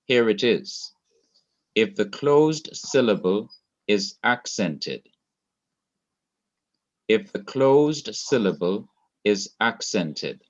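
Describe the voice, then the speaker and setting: A Hebrew teacher, a low-voiced man with a Jamaican accent, teaches grammar in an online class. He speaks slowly and repeats key rules twice so they sink in, over dull, lo-fi audio.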